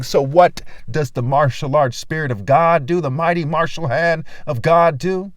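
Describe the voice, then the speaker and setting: A man's voice: fairly high pitch, normal speed, few pauses, no echo. Brief: young man, fiery video preacher, raised voice, dry close sound. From California. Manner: intense, ranting, swings between loud and muttered. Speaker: online preacher. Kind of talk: video sermon reading scripture.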